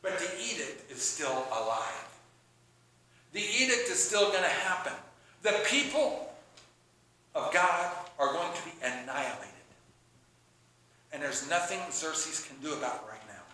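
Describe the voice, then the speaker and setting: A man preaching a sermon, retelling a scripture story with animated storytelling and acting out the characters' lines. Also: a little high, measured pace, long pauses. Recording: echoey room with faint background noise.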